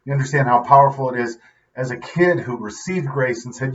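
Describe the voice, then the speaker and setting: A man talks to camera in a casual, heartfelt way, wandering between thoughts and checking in with "right?". His voice sits at a middle pitch and is picked up from a distance. The audio sounds dull and muffled. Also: a little fast, a bit bright. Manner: earnest, rambling, frequent "right?" asides. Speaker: vlog host. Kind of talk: casual motivational talk.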